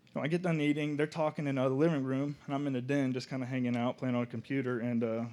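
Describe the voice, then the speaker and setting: Telling his own story as testimony, a young student speaker from Oklahoma talks casually, pausing haltingly and growing soft-spoken here and there. He has a mid-range voice and keeps a level tone.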